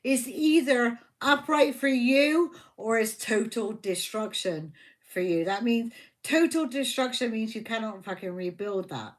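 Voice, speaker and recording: Speaking a little slowly in a fairly high voice, a woman does a casual live tarot reading on a home livestream. She's blunt, jokes around, and swears constantly.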